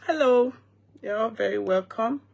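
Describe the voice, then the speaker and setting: A woman's voice: on the high side, moderate pace, gravelly. A woman, hosting a casual live stream, talking to viewers while she is tired and yawning. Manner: chatty, addresses viewers directly.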